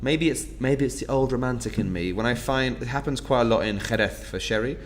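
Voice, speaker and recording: A man's voice: medium pitch, brisk, slight background noise. A man hosting an online wine tasting, chatting casually and laughing often at his own jokes.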